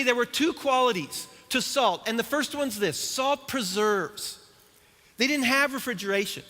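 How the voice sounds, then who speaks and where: A man's voice: very high-pitched, sharp tone. A middle-aged man preaching a sermon in a church, conversational and humorous, tossing rhetorical questions to the congregation. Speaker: pastor. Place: church auditorium. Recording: church hall reverb.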